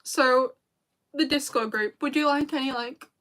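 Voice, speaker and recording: Bright, high-voiced British woman streaming. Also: a little slow. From Britain. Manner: chatty and rambling, with frequent laughs. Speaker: video creator and streamer. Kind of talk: casual livestream chat with viewers.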